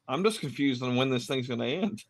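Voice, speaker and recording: A man's voice: mid-range voice, lively intonation, fairly quick, dry recording. A man co-hosting a casual podcast, laid-back and wry while reacting to wrestling. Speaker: podcast co-host. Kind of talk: casual chat watching wrestling.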